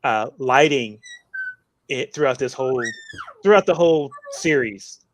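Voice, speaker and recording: A man co-hosting a casual fan discussion, halting with many fillers as he gathers his thoughts. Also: mid-range voice, expressive, slight background noise. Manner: hesitant, many uh fillers and restarts. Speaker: co-host.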